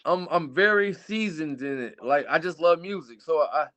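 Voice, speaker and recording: A man's voice: fairly high pitch, animated, normal speed, a bit bright, no echo. A man in his thirties from Detroit, a guest rapper in casual interview chat, talking emphatically and often asking "you know what I'm saying". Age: 30s.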